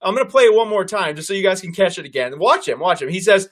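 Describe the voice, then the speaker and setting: A man hosting a political livestream, talking loudly and animatedly and calling his viewers "guys". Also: high-pitched, lively intonation, quick pace. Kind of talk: casual political commentary.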